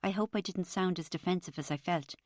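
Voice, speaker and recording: A woman narrating a first-person audiobook in a measured, intimate storytelling manner on a close mic. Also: fairly low pitch, darkish tone, no room sound.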